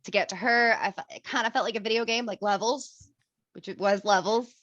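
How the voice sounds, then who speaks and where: A woman co-hosting a casual movie review chat, animated and laughing, swearing freely. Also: medium pitch, fairly quick, no echo, muffled recording.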